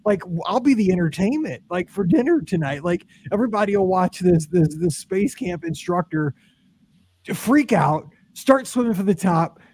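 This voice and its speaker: A man hosting a podcast, telling a rambling, animated story in casual chat and laughing often. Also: high voice, normal speed, slightly rough. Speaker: podcast host.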